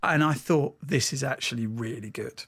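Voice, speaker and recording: A man hosting a radio show, chatting casually with co-hosts and reading out listener messages with animated, mock-indignant banter. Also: mid-range voice, moderate pace, husky.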